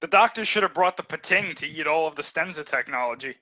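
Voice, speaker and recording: A man's voice: a little high, lively intonation, fast talker, pushed and bright. A man co-hosting a casual podcast chat, talking in a chatty way with lots of fillers. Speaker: podcast co-host. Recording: dull lo-fi audio.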